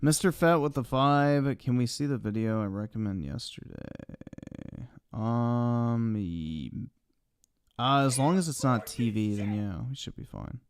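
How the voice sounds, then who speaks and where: A male streamer chats casually about what he is watching, blunt and full of profanity. His voice is smooth and clear, picked up dry and close to the mic. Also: mid-range voice, animated, unhurried, no echo. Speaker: streamer reacting to videos. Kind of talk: casual chat.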